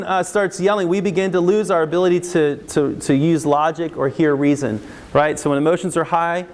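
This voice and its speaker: A middle-aged male counselor gives a live parenting workshop to an audience in a large hall, animatedly acting out parents and kids in raised voices. His voice is fairly high, and the hall adds long reverb.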